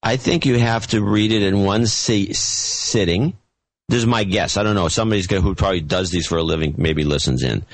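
A man co-hosting a podcast in casual chat, opinionated and quick to offer advice. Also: lowish voice, no room sound. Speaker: podcast co-host.

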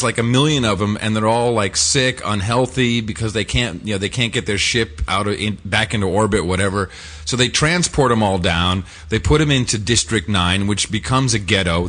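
A man's voice: on the low side, moderate pace, a bit bright. A man co-hosting a casual podcast, rambling through a film recap with fillers, restarts and laughs. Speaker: podcast co-host. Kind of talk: casual chat.

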